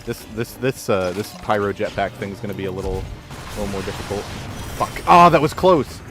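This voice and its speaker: Excitable swearing male gaming streamer. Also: lowish voice, fairly quick, over music. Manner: excitable, swears and shouts at the game. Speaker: streamer and show host. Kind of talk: casual live-stream chat while gaming.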